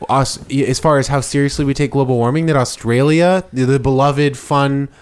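A man's voice: mid-range voice, fairly even intonation, moderate pace, clean tone. A man co-hosting a comedic podcast, rambling through tangents with frequent restarts and laughter. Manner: rambling, self-interrupting, laughs often. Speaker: podcast co-host. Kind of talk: casual comedic chat.

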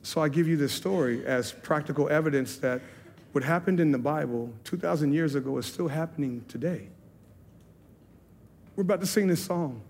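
A man's voice: a little high, moderate pace, a little mellow, slight background noise. A man preaching at a church service, telling his own story in an earnest, confessional way. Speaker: pastor. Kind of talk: sermon testimony.

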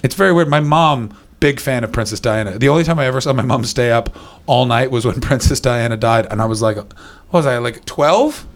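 A man's voice: mid-range voice, fairly quick. Man, 30s, stand-up comic, rambling stories, chuckles at his own lines. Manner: rambling anecdotes, laughing at own jokes. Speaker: stand-up comedian. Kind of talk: stand-up set. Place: comedy venue with live audience.

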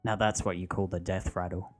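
A cold, ruthless thug in a storybook reading, speaking low, flat and matter-of-fact, as a man voices him. The voice stays deep and quiet, never rising. Faint music plays underneath. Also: brisk, lightly acted.

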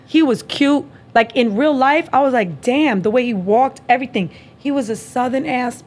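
A woman with a slightly high voice tells a dating story on a podcast, animated and profane. She acts out every line of the conversation in casual chat. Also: normal speed. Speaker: podcast host.

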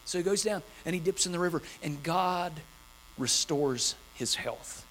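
A man's voice: on the high side, a little slow, fairly bright tone, slight background noise. A man preaching an impassioned sermon, driving home key phrases by repeating them. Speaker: pastor.

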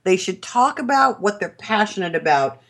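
A woman's voice: mid-range voice, expressive, normal speed, a bit bright. Chatty, enthusiastic woman with a New York accent. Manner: chatty and rambling, with many fillers and restarts; enthusiastic, laughs while talking. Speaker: podcast guest. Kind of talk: casual interview chat.

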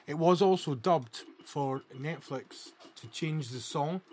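A man's voice: a little high, slow, a little mellow, a little hiss or hum. A man co-hosting a podcast in casual chat, musing aloud and hesitating often as he recalls details. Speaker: podcast co-host.

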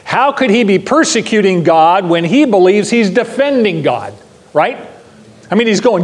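A man's voice: high voice, sing-song, normal speed, big-room sound. An older man preaching to a Bible class, emphatic, repeating key phrases and putting questions to his listeners. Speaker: pastor teaching a Bible class. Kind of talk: sermon.

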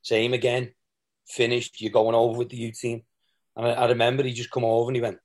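A fast-talking Englishman who once played football tells frank interview stories in a monotone, mid-range voice with a darkish tone. He rambles, restarts sentences and often quotes other people's words.

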